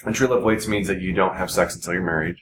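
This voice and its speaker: A man in his forties, guesting on a casual podcast, speaks quickly in a somewhat low voice. He's earnest and rambling with many restarts, and the roomy, echoey sound has clear background noise underneath.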